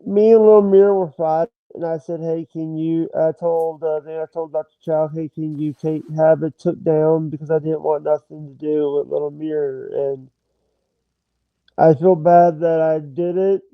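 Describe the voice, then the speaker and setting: Brief: male guest calling in, high smooth voice, slow and halting, muffled lo-fi line. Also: level tone, no echo. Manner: hesitant, halting, repeats himself. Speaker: call-in guest. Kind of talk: casual chat over a call.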